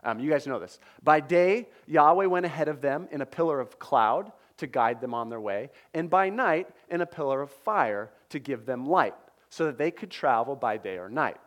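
A man preaching a sermon to a congregation, animated, speaking the lines of Bible figures in his own voice and adding quick asides to the listeners. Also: mid-range voice. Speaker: pastor.

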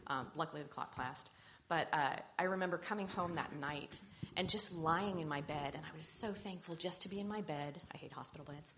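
Brief: middle-aged woman, deep voice, earnest personal testimony, reflective. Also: fairly quick, a bit bright, slight background noise. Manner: earnest and reflective, quoting scripture. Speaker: speaker sharing her faith testimony.

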